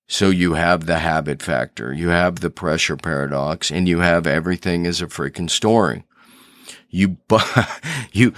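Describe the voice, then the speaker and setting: A man's voice: on the low side, a bit bright, no echo, studio quality. A man hosting a solo podcast as an author, telling stories earnestly and thinking aloud with restarts. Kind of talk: reflective solo podcast talk.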